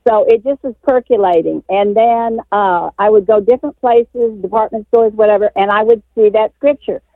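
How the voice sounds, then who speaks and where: A woman from Texas phones in to a radio talk show, her eager, heartfelt storytelling full of little stumbles and fillers. Her voice comes through a narrow, tinny phone line, dry and close, with a pitch that sits in the middle of the range. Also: normal speed, no echo. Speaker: caller. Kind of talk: call-in radio chat. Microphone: telephone.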